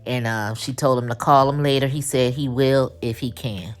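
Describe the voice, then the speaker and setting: A woman with a Black way of speaking, recapping a TV episode in casual, animated chat and acting out the characters' lines with attitude. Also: extremely low pitch, normal speed, faint music behind. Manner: animated, acts out quotes with attitude. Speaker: TV recap host.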